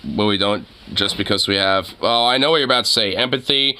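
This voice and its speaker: A man's voice: on the low side, fairly quick, pushed and bright, a little hiss or hum. A man hosting his own channel, rambling through a casual, profane commentary rant and laughing often. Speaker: channel host.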